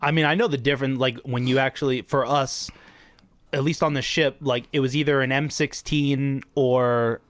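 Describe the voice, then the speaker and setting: A man's voice: medium pitch, fairly even intonation, normal speed, no echo. Man hosting a casual podcast. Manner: loose, rambling questions with many fillers. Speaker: podcast host. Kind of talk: casual interview chat.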